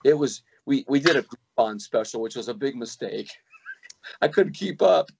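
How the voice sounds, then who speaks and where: A man's voice: medium pitch, animated, normal speed, creaky, background noise. A middle-aged man, a kayak fishing guide, telling a long story in casual chat with many restarts and acted-out quotes.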